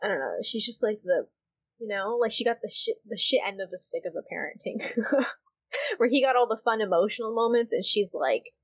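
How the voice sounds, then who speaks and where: A woman's voice: mid-range voice, expressive, brisk, husky. A woman co-hosting a podcast in casual chat, heated and emphatic, swearing freely. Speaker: podcast co-host.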